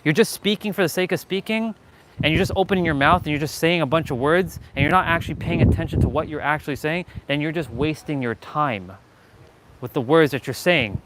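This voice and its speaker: A man's voice: a little high, brisk, background noise. Emphatic motivational man livestreaming. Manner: energetic, repetitive, emphatic, swears casually. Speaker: fitness livestream host. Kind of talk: casual motivational livestream talk. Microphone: small clip-on mic.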